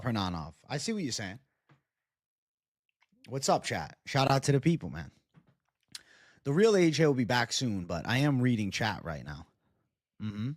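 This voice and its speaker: A man hosting a casual livestream and chatting with viewers, animated and profane. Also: mid-range voice, no echo, clean studio sound. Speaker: livestream host.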